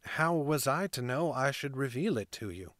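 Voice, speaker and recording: A man's voice: mid-range voice, lively intonation, a bit bright, no echo, clean studio sound, natural voice. A man voicing a guarded young woman traveler who answers in careful, earnest words. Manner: careful, earnest, measured replies.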